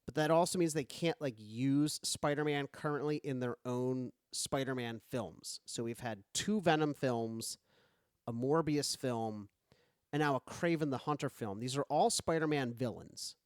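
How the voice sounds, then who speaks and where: A man's voice: medium pitch, a little slow, smooth, dry recording. A man co-hosting a comedy podcast, chatting casually and rambling with lots of fillers into a close studio mic. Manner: animated, rambling with many fillers. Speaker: podcast co-host.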